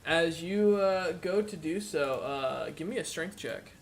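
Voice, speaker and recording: A man narrating as dungeon master in a halting way, with many fillers. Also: a little high. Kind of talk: narrating a tabletop game.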